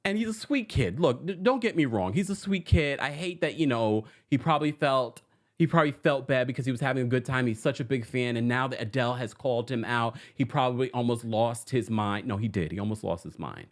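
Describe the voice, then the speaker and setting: A host giving casual pop culture news commentary in a dramatic, animated way, laughing often. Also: medium pitch, fairly quick.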